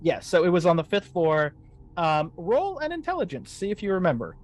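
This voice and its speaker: A man running a tabletop horror game as game master, narrating scenes slowly for suspense. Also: high voice, wildly swooping pitch, a little hiss or hum.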